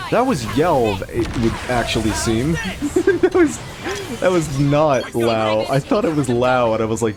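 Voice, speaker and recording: A man's voice: mid-range voice, big pitch swings, a little slow, music in the background. A man streaming a video game, chatting casually, laughing often and poking fun at himself. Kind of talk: casual gaming commentary.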